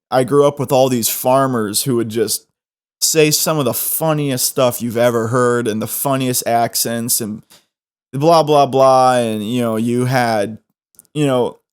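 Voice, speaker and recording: A man's voice: mid-range voice, smooth. A young man from the Midwest with a faint Southern twang, hosting a podcast in a loose, joking, rambling style full of restarts. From American Midwest. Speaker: podcast host. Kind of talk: casual solo podcast chat.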